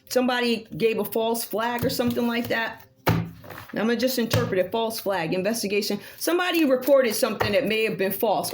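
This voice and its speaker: A woman's voice: mid-range voice, slight background noise. Woman tarot reader with a mid-range voice, confrontational and profane, casual chatty delivery. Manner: talks straight to an unseen rival. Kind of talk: casual tarot reading rant.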